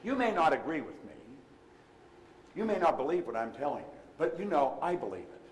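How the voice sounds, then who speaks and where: An older man giving a motivational talk to a live seminar audience, emphatic, his voice swinging between loud and hushed. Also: a little high, very animated, brisk, long reverb tail, slight background noise, rough recording. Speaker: motivational speaker. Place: seminar room before an audience.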